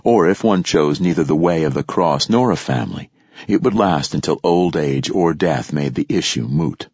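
A man reads a novel aloud in a measured, reflective narration. His voice is very deep and husky, recorded dry and close with a slightly dull, muffled sound. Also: expressive, darkish tone, no room sound. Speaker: audiobook narrator. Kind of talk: scripted narration.

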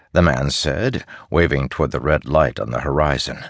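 A man narrating a story as an audiobook in an expressive reading style. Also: rumbling low, moderate pace, vocal fry, hardly any pauses, no echo, studio quality.

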